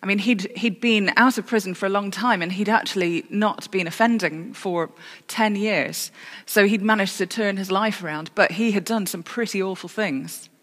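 A woman's voice: medium pitch, moderate pace, few pauses, fairly bright tone. Woman preaching in a reverberant church. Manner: storytelling with self-corrections and dry humour. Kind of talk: sermon.

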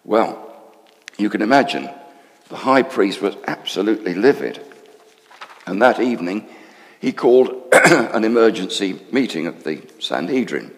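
A man playing an animated temple councillor. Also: on the low side, a little slow, pauses often, long reverb tail. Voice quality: animated, confiding storytelling. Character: male temple council member confiding to a friend. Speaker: storyteller in character. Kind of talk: dramatic monologue.

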